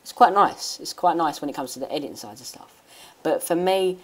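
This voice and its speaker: A woman giving a rambling, hesitant software tutorial with many restarts. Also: low-pitched, animated, a little fast, slightly rough. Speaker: tech YouTuber. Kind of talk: screen-recording software tutorial.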